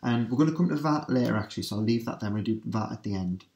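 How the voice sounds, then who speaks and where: A male teacher running a revision lesson. His voice sits a little low, and he keeps stressing words by repeating them. He slows right down whenever he says a French example. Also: a little mellow. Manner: repeats key words for emphasis, breaks into slow French examples.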